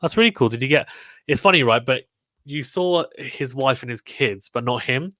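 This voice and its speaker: A British man hosts a live watchalong stream, talking in a loose, rambling way and reacting to viewer comments. His voice sits at an ordinary middle pitch. The sound is dry, with no room echo. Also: moderate pace, bright, forceful tone. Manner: chatty, rambling, reads viewer comments aloud.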